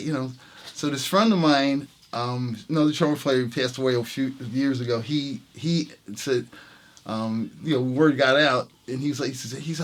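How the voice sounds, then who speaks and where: A man in a casual sit-down interview tells a long story about an old gig. His voice sits at an ordinary middle pitch. He laughs often and acts out the lines of the people in the story. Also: fairly even intonation, normal speed. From New York City. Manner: laughing, reenacts quotes with voices. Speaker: jazz trumpet player, interview guest.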